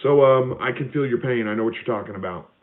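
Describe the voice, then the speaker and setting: Answering viewer questions casually on his homestead live stream, the man speaks at a quick pace in a medium-pitched voice, full of fillers and restarts. It's captured on a phone and sounds tinny.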